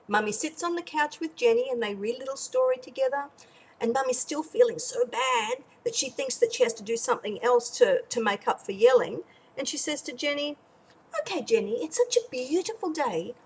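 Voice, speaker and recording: A woman, a parenting educator, tells a teaching story in an animated way and acts out the characters as she goes. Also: high voice, brisk, a little hiss or hum, low-quality recording. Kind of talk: storytelling lesson.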